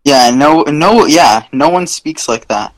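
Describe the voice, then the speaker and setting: A man's voice: fairly high pitch, animated, slow, low-quality recording. A man from Canada co-hosting a podcast in a hesitant, casual comedic chat. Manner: hesitant, full of fillers. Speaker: podcast co-host.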